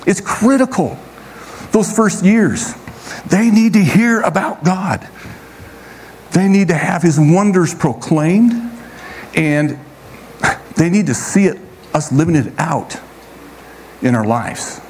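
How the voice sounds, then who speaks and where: A man preaching a sermon to a congregation in a relaxed, conversational way, often checking in with his listeners. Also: high-pitched, takes it slowly, long pauses, a little hiss or hum. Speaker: pastor.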